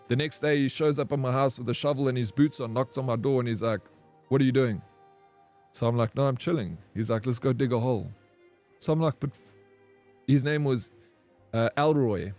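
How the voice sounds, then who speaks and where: A man streaming a game, chatting with viewers and telling a long, rambling story in a relaxed, slangy way. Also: medium pitch. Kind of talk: casual chat while gaming.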